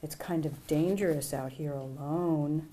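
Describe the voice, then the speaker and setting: Woman voicing a soft-spoken young security guard. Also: low voice, measured pace. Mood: courteous.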